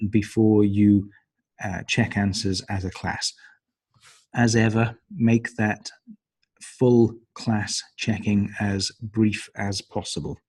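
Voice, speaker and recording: A man's voice: lowish voice, darkish tone, slightly rough. A man explaining the stages of a lesson plan to trainers, with frequent ums and uhs. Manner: hesitant, many ums and uhs. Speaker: teacher trainer. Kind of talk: instructional walkthrough of a lesson plan.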